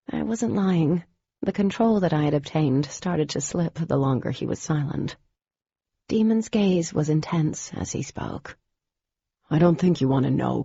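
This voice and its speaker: A woman reads a first-person audiobook in a measured, intimate way. Her voice is dark, gravelly and very husky. The recording is dry and a little dull. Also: low voice, dry recording. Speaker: audiobook narrator.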